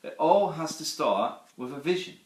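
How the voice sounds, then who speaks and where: A man's voice: fairly high pitch, animated, moderate pace. A man giving a live online presentation, earnestly telling a story and asking his audience rhetorical questions. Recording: roomy echo.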